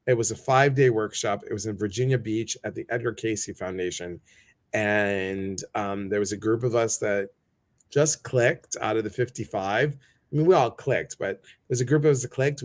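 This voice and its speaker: Chatty upbeat man hosting a livestream. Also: mid-range voice. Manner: chatty and upbeat, greeting viewers one by one. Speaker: talk show host. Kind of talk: casual livestream chat.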